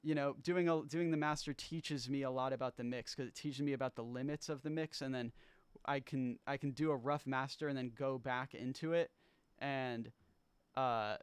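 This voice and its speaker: A man's voice: medium pitch, fairly even intonation, normal speed, smooth, dry recording. A man casually breaking down how he made his own album on a livestream, rambling loosely, swearing, trailing off and restarting.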